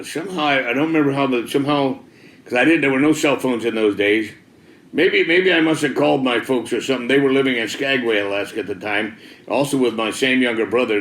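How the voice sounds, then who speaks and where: A former biker gives his personal testimony at church, telling his story in a laid-back, slangy manner peppered with "dude" and "man." His voice is medium-pitched and a bit bright, recorded in a reverberant room.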